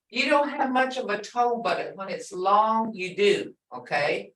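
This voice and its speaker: An older woman teaching a language class, slowly saying words and repeating them so students can hear each sound. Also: mid-range voice, animated, a bit bright, distant mic. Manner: slow, repeats each word to drill pronunciation. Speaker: language instructor. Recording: echoey room, voice from off the mic.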